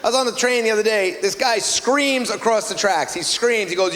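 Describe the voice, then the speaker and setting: A man's voice: high voice, brisk, hardly any pauses, fairly bright tone. A man in his thirties with a New York accent, doing a stand-up set with sarcastic, biting jokes before a laughing club crowd. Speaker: stand-up comedian. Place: comedy club stage with laughing audience. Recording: echoey club with crowd noise.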